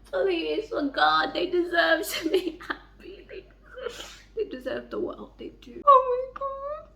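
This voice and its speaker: A woman's voice: very high voice, takes it slowly, gravelly. A young woman gushing and swearing as she reads quotes from a romance novel in a casual reading vlog at home. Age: young adult. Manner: excitable, swears a lot, gushes over characters. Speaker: book vlogger. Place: home room by a heater.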